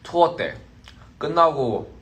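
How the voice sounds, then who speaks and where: A man's voice: on the high side, expressive, racing, a bit bright. A man chatting casually on a phone live stream, playful and teasing, as a touring artist talking to his fans.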